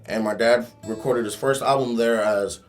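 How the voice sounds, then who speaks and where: A man's voice: mid-range voice, fairly even intonation, normal speed, faint music behind. A man from Fresno, California, a guest on a podcast, telling rambling, profane stories in a laid-back way. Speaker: podcast guest, tuba player. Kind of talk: casual chat, storytelling.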